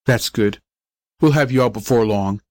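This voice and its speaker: Man reading as a grieving young athlete, low and subdued. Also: normal speed, a little mellow, dry recording, lightly acted. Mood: grieving, gentle. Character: grieving young male athlete, gentle and sturdy.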